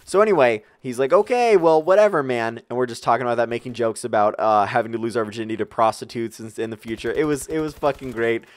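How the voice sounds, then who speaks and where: A young man tells a story to his camera in a loose, rambling way, full of fillers. His voice sits in an ordinary middle pitch. The sound is dry and close, with little room echo. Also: fast talker, few pauses. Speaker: vlogger. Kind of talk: casual storytime vlog.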